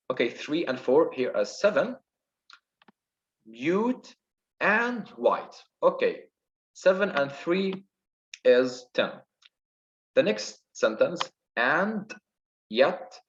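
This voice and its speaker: A man, not a native English speaker, slowly talks through the meter and rhyme of a sonnet, hesitating and counting syllables word by word. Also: mid-range voice, highs cut off. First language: Arabic. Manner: hesitant, with many restarts and fillers. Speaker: student presenting a poem analysis. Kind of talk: spoken literature analysis.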